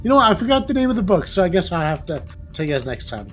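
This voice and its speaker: A man tabletop player introducing himself casually, halting with many pauses and "uh"s. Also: sits high, big pitch swings, soft background music, poor audio.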